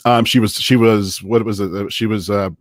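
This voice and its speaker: A man with a lowish voice co-hosts a casual live-streamed chat show. He talks loosely and eagerly, with plenty of filler words. The sound is close and dry, with no room around it. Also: normal speed, no echo. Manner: chatty, many "uh" fillers, excitable. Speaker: podcast co-host.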